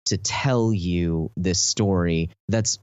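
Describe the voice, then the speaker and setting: A Texan podcast host chats casually and rambles on, explaining things at length with enthusiasm and lots of "um" and "like." His low voice is slow, darkish, clear and resonant, recorded dry with a dull sound.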